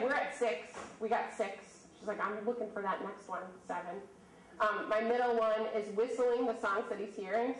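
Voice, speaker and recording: A woman in her thirties, a birding presenter telling stories and quizzing a live audience in a lively way. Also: mid-range voice. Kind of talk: storytelling talk to a live audience. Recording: echoey room from a distant mic, faint noise.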